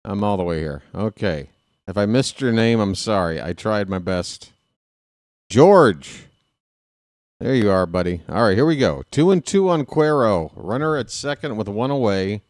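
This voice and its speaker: A man streaming casual live baseball play-by-play, chatting with viewers and reading out their names between pitches. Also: animated, unhurried, a little mellow, no echo, clean studio sound. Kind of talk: live play-by-play with chat shout-outs.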